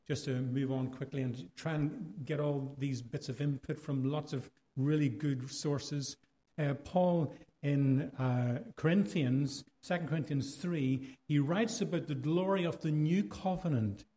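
Irish male preacher, slightly high, warm tone, chatty sermon delivery with rhetorical questions. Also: unhurried. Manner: conversational, rhetorical questions, varied pace.

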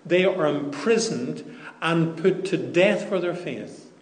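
A man preaching a sermon, deliberate and emphatic, repeating key phrases for weight. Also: on the high side. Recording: echoey room.

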